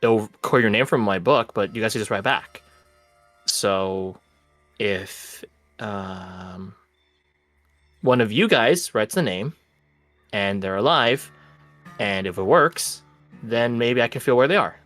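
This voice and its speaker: A man's voice: fairly low pitch, animated, slow pace, long pauses, a bit bright, no room sound, faint music behind. A man voicing an earnest young girl witch with a grimoire in a tabletop game, stammering and hesitant. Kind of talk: tabletop game role-play.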